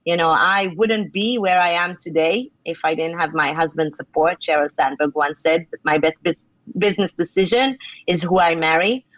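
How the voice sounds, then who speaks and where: A middle-aged woman author answering interview questions with earnest, conversational advice, filling pauses with "you know". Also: on the low side, fairly bright tone, no room sound. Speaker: author and leadership speaker. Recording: dull lo-fi sound.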